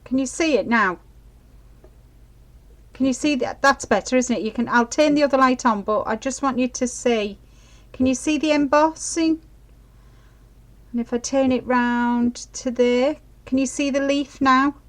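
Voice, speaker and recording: A woman's voice: high-pitched, a little slow, low-quality recording. A middle-aged woman giving a live craft demonstration, chatty and apologetic, often checking that viewers can see.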